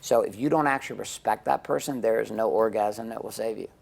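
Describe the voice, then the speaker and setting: Gravelly guy, blunt and sweary, tells stories and does everyone's lines. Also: fairly low pitch, brisk. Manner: blunt, profane, storytelling with acted-out quotes. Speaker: interview guest. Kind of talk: intense candid interview talk.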